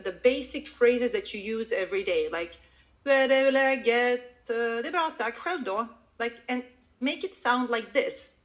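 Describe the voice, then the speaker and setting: A woman language teacher explaining her methods on a live audio call, animated and demonstrative, with frequent restarts. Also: medium pitch, low-quality recording. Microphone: online audio call.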